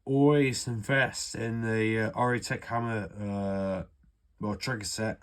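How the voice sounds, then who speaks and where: Man, low voice, casual how-to chat, rambling and sweary. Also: fairly even intonation, measured pace, smooth. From United Kingdom. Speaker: airsoft hobbyist showing a repair.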